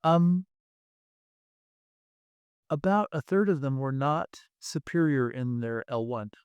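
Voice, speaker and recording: A man with a smooth, resonant voice speaks as a guest expert, laying out his points one step at a time with examples. The sound is dry and close, with no room around him. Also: mid-range voice, lively intonation, takes it slowly, a little mellow, dry recording, lo-fi sound. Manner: thoughtful, explains step by step with examples. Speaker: guest expert on language testing. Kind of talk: explanatory interview talk.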